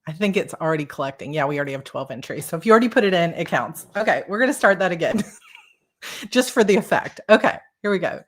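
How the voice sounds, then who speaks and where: A female novelist banters excitedly with her audience, tripping into quick restarts, and then performs a live reading of her book. Her pitch is fairly low.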